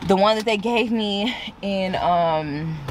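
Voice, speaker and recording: A woman vlogging casually from inside her car, sore and recovering after surgery, chatty and animated, addressing viewers as "y'all" and "girl". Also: medium pitch, slow, background noise. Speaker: beauty vlogger. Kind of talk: casual vlog chat to camera.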